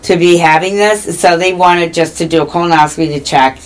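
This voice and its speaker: Low-voiced woman in her fifties from Iowa. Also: a little fast. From Iowa, US Midwest. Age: 50s. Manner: animated, acts out quoted dialogue. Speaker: guest. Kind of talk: casual interview storytelling.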